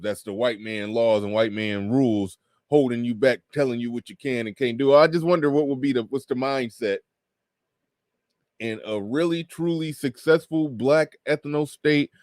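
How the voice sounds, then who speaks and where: Low-voiced man chatting on a livestream. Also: darkish tone, dry recording, clean studio sound. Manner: reads viewer super chats aloud and riffs; laughs often, trails off mid-thought. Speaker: livestream host. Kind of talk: casual livestream commentary.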